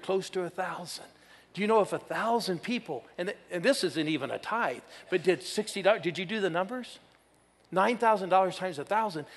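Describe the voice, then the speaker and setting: A man preaches with lively energy, pushing the congregation to answer back. His voice sits a bit high for a man. The sound rings with the long reverb of a church hall. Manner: energetic, calls for crowd responses. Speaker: guest preacher. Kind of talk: sermon. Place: church sanctuary.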